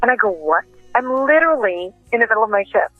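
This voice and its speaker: A woman interview guest telling lively anecdotes and acting out what others said, heard down a tinny phone line. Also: on the high side, quick pace, dry recording, soft background music. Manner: lively anecdotes with acted-out quotes. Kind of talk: casual interview storytelling.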